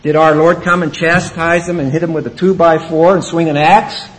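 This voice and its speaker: A man preaching an expository sermon, emphatic and rising to loud exclamations. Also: on the high side, level tone, moderate pace, poor audio.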